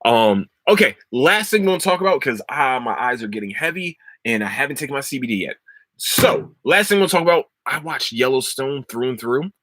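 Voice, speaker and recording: A man's voice: mid-range voice, expressive, fairly quick, dry recording. Rambling, cursing young man podcaster. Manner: rambling, swears freely, breaks into loud laughter. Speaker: podcast host. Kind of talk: casual solo podcast chat about shows.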